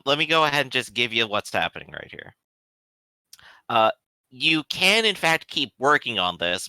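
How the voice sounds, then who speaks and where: A man narrating as game master of a tabletop role-playing game, with lively descriptive delivery. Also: mid-range voice, no room sound.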